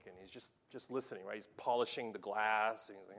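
A man preaching a sermon, telling stories with lively swings from loud urging to hushed, quiet lines. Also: lowish voice, fast talker.

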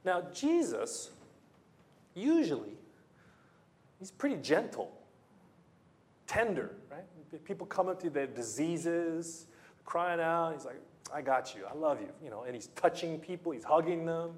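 Male preacher, slightly high voice, emphatic, with rhetorical questions and repeats. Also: sing-song, measured pace, long pauses. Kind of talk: sermon.

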